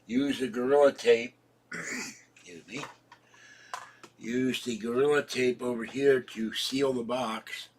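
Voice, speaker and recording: A man in his seventies, sick and hoarse, rambling casually to his viewers about his day and laughing at his own jokes. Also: mid-range voice, steady tone, slow, pauses often, distant mic, a little hiss or hum. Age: 70s. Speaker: vlogger. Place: home.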